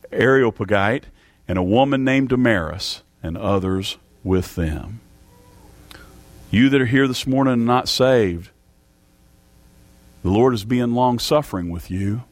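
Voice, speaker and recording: Fervent male preacher, dry sound. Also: no room sound. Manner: fervent preaching with big swings in pitch and loudness. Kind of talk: sermon. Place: church service.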